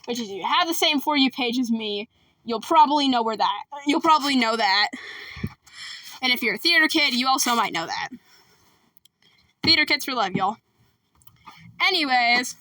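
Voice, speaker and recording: A woman chatting casually and quickly about her school musical, rambling and joking with lots of asides. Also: sits high, pushed and bright, no echo, recorded from a distance. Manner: fast, rambling, jokey with lots of "anyways". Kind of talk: casual chat.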